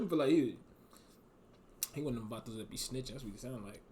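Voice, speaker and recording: A man streaming live, reacting to a video with animated, slangy commentary and guesses. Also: medium pitch, moderate pace, slight background noise. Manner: animated, slangy, speculating aloud.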